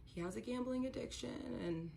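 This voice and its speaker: Woman w a low voice telling her own story, earnest and emotional, acts out what people said, faint hiss behind. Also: fairly even intonation, moderate pace. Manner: earnest confessional telling, quotes others in dialogue; emotional, voice rising when upset. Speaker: storyteller recounting a personal ordeal. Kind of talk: personal story vlog, played in a reaction stream.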